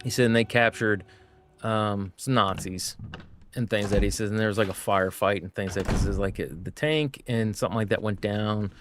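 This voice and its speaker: A man's voice: fairly low pitch, steady tone, moderate pace, noisy background. A male streamer telling a long story while he plays, full of fillers and "he goes" asides. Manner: rambling, with constant "he goes" and fillers. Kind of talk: casual storytelling while gaming.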